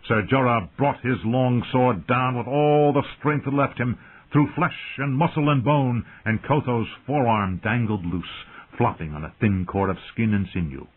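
A man reading a fantasy audiobook in a dramatic, lively narrating style over tinny phone-like audio. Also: mid-range voice, a little slow, husky.

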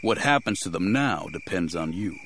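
A man voicing a calm hidden stranger. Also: low-pitched, normal speed, a little hiss or hum, pitched below the performer's own voice. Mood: guarded. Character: calm, guarded male stranger hiding in the dark.

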